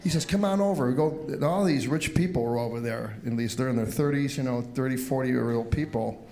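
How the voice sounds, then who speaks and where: A man's voice: mid-range voice, fairly quick. An older man from the Cleveland area, a musician telling childhood stories in an interview, acting out quotes as he goes. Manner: animated storyteller, acts out quotes. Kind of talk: storytelling interview.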